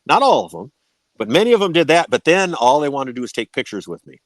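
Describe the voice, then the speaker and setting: A man's voice: mid-range voice, very animated, fast, no room sound. A man telling war stories as a podcast guest, swearing freely and tagging his sentences with "right?". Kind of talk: casual storytelling.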